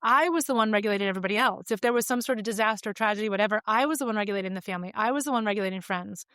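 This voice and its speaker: A woman's voice: medium pitch, racing, a bit bright, no room sound, studio quality. A woman in her forties, a podcast guest telling personal stories in a candid, reflective, conversational way with frequent fillers.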